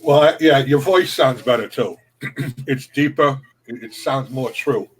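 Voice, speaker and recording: A man's voice: medium pitch, measured pace, low-quality recording. A man co-hosting a live stream, chatting casually and greeting viewers by name.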